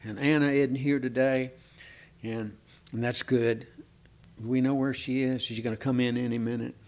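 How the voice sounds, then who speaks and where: A man's voice: medium pitch, level tone, moderate pace, a little mellow. Conversational man teaching scripture. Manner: conversational, asks the room questions, hesitant with many fillers. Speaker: preacher. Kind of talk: informal Bible teaching to a small congregation.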